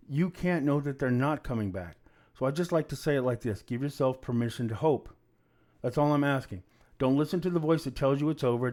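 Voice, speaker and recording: A man's voice: medium pitch, darkish tone. A middle-aged man coaching viewers through a breakup, speaking earnestly and repeating his key phrases. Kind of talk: direct-to-camera advice talk.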